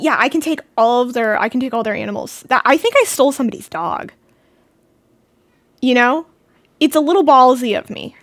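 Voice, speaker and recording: A young woman streaming a game at home, chatting playfully with her viewers as she plays. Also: high voice. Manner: chatty, playful, talks to chat. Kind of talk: casual gameplay commentary. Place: indoors at home, cold room.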